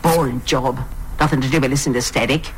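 A woman's voice: rumbling low, fairly even intonation, brisk, slight background noise, low-quality recording. An actress playing an old Australian countrywoman, telling a story in a laconic, matter-of-fact way, her Australian accent drifting toward South African. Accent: wobbly Australian drifting toward South African. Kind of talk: TV drama dialogue.

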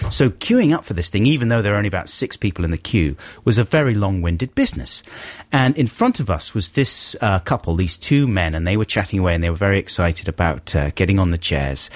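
A man hosting a radio show, telling an animated story in a casual chat. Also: sits low, no room sound. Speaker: radio host.

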